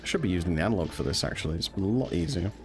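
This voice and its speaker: Streamer, low voice, laid-back speedrun commentary with game music behind. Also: male voice, rapid-fire. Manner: relaxed, rambling, with frequent ums and uhs. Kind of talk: casual gameplay commentary.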